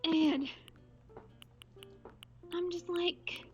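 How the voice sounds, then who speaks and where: A woman's voice: sits high, slow pace, long pauses, faint music behind. A woman co-hosting a livestream, telling a story in casual chat and acting out what people said. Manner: animated storytelling, acting out quotes.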